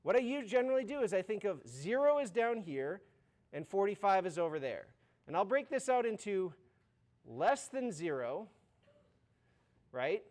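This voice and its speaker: A man's voice: sits high, very animated, moderate pace, long pauses, a little mellow. A man lecturing a university chemistry class in an informal, joking way, often checking in with "right?". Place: lecture hall.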